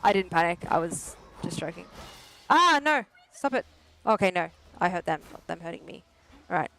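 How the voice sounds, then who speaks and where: A therapist streaming a video game, talking to themselves and to chat in frantic, joking bursts with sudden yelps and mock-calm reassurances. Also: medium pitch, moderate pace, gravelly. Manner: self-mocking, joking calm under pressure. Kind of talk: live gameplay commentary with chat.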